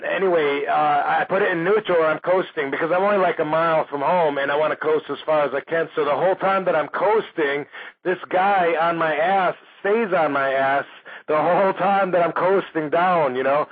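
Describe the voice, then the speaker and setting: Profane, rambling man on lo-fi radio. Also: on the high side. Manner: rambling, profane, laughs through his story. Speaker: radio show host. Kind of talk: casual storytelling on a talk radio show. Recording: phone-like lo-fi radio audio.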